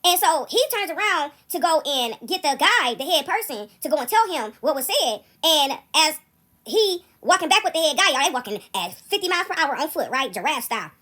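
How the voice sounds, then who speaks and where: Speaking a little fast in a high voice, a young woman chats directly to her viewers while recounting a casual story. She stays animated throughout and laughs often as she goes.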